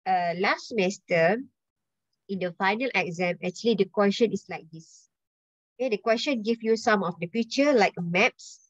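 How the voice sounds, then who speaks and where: A woman's voice: medium pitch, normal speed, dry recording. Malaysian lady teaching a class, asks lots of questions, throws in "lah", dry close sound, kinda muffled. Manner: mixes in Malay words and "lah", quizzes students. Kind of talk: online language lesson. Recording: dull lo-fi dry voice.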